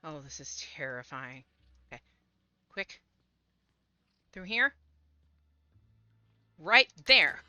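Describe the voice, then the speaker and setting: A woman's voice: low voice, very animated, slow pace, long pauses, pushed and bright, clean tone, no room sound. A woman streamer giving casual commentary on her gameplay, chatting to her cats and reading the game's text aloud. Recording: slightly dull home stream mic with faint game music.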